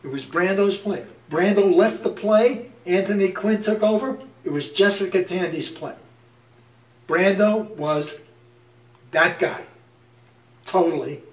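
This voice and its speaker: A man's voice: sits high, a little slow, pauses often, roomy sound, distant mic. A man hosting an interview, recounting stories with frequent hesitations. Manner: hesitant, many "uh" fillers. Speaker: host. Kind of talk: casual interview chat.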